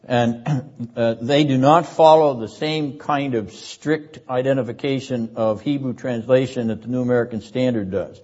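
An older male seminary lecturer explains a text in a deliberate, emphatic classroom manner, hammering key words through repetition. He clears his throat often between points. The lecture recording sounds dull and lo-fi. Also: mid-range voice, steady tone, darkish tone.

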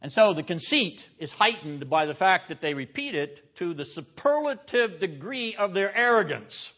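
A man's voice: sits high, big pitch swings, normal speed, fairly bright tone. A man teaching a seminary classroom lecture, stressing his points with rhetorical questions and calling on students by name. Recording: dull lo-fi classroom recording.

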